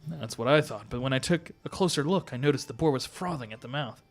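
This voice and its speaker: A man doing a hushed, gruff hunter. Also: medium pitch, fast, faint music behind, natural voice. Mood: matter-of-fact. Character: gruff male hunter telling a tale.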